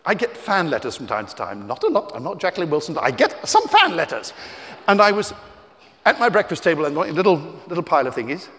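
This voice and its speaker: A man, a children's author, telling stories to a young audience in a theatrical, teasing way, shifting between shouts and hushed asides, recorded on a tie-clip mic at an indoor festival venue. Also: on the high side, huge pitch swings, quick pace. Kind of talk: live storytelling talk to children. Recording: reverberant hall.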